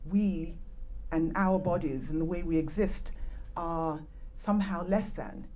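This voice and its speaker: An unhurried woman with a lowish, darkish voice delivers an earnest conference presentation in a British accent; she was born in Nigeria and grew up in Britain. She talks into a handheld or clip-on microphone in a conference room, making casual asides about it.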